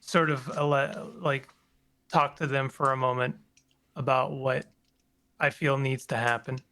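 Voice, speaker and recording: Bright, smooth-voiced man thinking aloud. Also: medium pitch, fairly even intonation. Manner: halting, thinks aloud with restarts. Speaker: player. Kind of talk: casual tabletop play.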